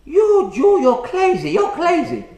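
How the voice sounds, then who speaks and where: A man's voice: very high-pitched, huge pitch swings, unhurried, warm tone, pitched above the performer's own voice, exaggerated voice. A man putting on a frustrated middle-aged woman with a Chinese accent, asking the same broken-English question over and over. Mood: exasperated. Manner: insistent, repetitive questioning. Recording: roomy echo.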